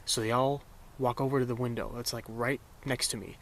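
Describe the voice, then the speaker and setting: A man's voice: medium pitch, a little fast. Laid-back young man rambling over noise. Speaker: vanlife vlogger. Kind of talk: casual vlog storytelling. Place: around his van and campsite. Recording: steady road and outdoor noise behind.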